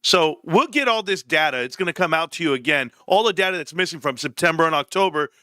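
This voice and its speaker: A man's voice: on the high side, expressive, quick pace, bright, forceful tone, no room sound, studio quality. A man in his forties hosting a casual livestream rant, joking and mocking with frequent laughs. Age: 40s. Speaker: livestream host.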